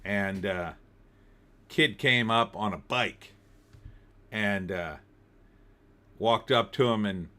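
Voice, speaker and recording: A man with a fairly low voice hosts a relaxed livestream. He chats loosely about his week and reads viewer comments aloud as he goes. He sounds middle-aged and is from New Jersey. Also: slow, pauses often. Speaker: livestream host. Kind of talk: casual livestream chat reading comments.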